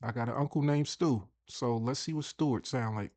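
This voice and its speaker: A man's voice: medium pitch, moderate pace, darkish tone, dry recording. A man hosting a casual screen-share tutorial, chatty and thinking aloud as he repeats himself. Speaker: host.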